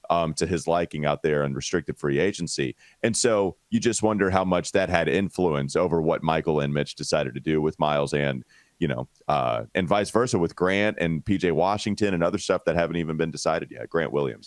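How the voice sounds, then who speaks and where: A man's voice: low-pitched, no room sound, studio quality. A man hosting a casual sports podcast, talkative and teasing his co-host. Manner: teasing, talkative, reads ad copy.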